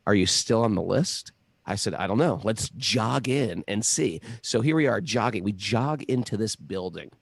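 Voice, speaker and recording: A middle-aged man tells a winding personal story in a casual, animated way, often restarting his sentences. His voice sits low with a gravelly edge, and the sound is dry and close. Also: normal speed, no echo. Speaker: guest telling a story.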